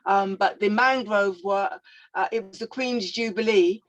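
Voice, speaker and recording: An older woman telling a personal story as a guest speaker, reflective and animated, with frequent fillers. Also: medium pitch, a little slow, low-quality recording.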